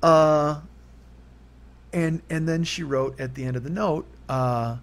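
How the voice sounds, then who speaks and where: A man's voice: medium pitch, normal speed. A man in his forties telling a personal story on his own, rambling and candid, his voice jumping up when he gets worked up. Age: 40s. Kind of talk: confessional solo monologue.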